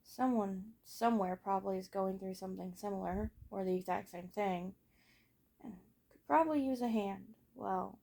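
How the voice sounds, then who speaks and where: A teenage woman casually telling her own life story, frank and rambling, with lots of fillers and swearing, often trailing off softly at the ends of thoughts. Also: medium pitch, measured pace, gravelly. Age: late teens. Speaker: vlogger.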